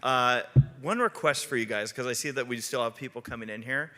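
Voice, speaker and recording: Bright-voiced chatty man. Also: medium pitch, fairly quick. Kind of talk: casual storytelling. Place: convention panel room.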